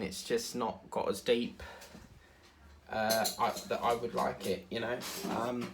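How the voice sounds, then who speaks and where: With a creaky, medium-pitched voice, this man talks at a measured pace and keeps his intonation fairly even; a little hiss or hum sits underneath. He's an English diamond painting vlogger whose Essex accent is tinged with South African. He rambles chattily over his craft, full of fillers and asides.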